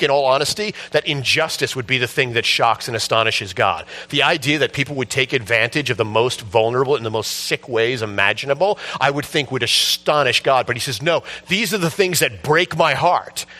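A man preaching a sermon, telling a story with passion and building to shouts at its peak. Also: medium pitch, brisk, few pauses. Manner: impassioned storytelling, rising to shouts at the climax. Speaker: pastor.

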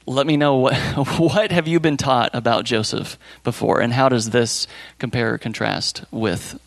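A man's voice: mid-range voice, steady tone, unhurried, gravelly, no echo. A man leading a Bible study group, reading a children's story aloud plainly, then chatting casually and hesitantly with the group.

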